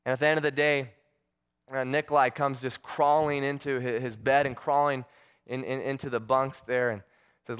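A male preacher tells a story from the pulpit in an earnest, halting way, often repeating his words. His voice is smooth and resonant, pitched in the middle range. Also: fairly even intonation, fairly bright tone. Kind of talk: sermon storytelling.

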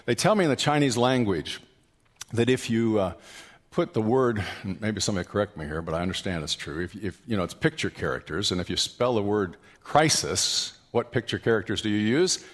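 A male pastor preaching a sermon, telling stories and asking the congregation questions, with loud animated peaks. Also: lowish voice, brisk. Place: church hall. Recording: long hall reverb.

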